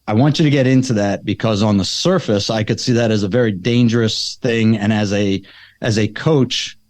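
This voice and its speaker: Casual low-voiced male podcast host. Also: moderate pace, a little mellow, no echo. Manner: casual and chatty, fillers like "you know" and "um". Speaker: podcast host and youth coach. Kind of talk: conversational podcast interview.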